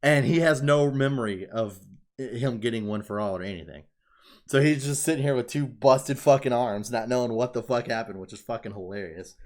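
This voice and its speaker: A man co-hosting a podcast in casual chat, excited, swearing freely and filling his talk with "like". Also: mid-range voice, a little fast. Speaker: podcast co-host.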